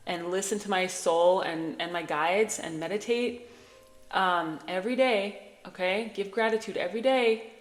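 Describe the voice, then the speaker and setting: Woman, spiritual guidance talk, earnest and reassuring, roomy echo, long reverb tail. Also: mid-range voice. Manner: earnest, conversational, reassuring, with fillers and asides. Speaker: spiritual channeler. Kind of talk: casual spiritual guidance monologue. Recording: echoey room with long reverb.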